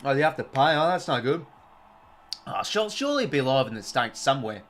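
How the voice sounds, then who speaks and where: A man's voice: mid-range voice, sing-song, fairly quick, fairly bright tone. A young Australian man hosting a live watch-along stream, chatting casually, full of fillers and greeting viewers from chat.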